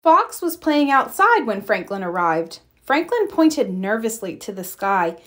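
Slow, expressive woman reading a children's story. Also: fairly high pitch. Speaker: storybook reader. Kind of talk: children's read-aloud narration.

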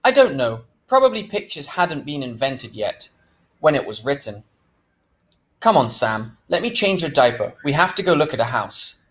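A man's voice: medium pitch, very animated, normal speed, a bit bright. A man reading aloud, voicing a sulky, sarcastic preteen girl in his own voice. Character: grumpy girl about to start seventh grade.

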